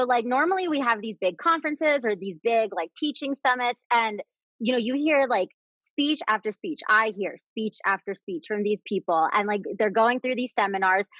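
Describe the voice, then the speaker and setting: A woman's voice: fairly high pitch, a bit bright, dry recording. Chatty woman co-host on a dull dry mic. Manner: chatty, lots of "like" fillers. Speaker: podcast co-host. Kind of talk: casual conversational interview.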